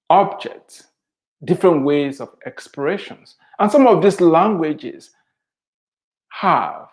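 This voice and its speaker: Slow, emphatic man. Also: a little high. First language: Mundani. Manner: emphatic, preachy, repeats key points. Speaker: author giving advice to immigrants. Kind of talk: earnest motivational talk.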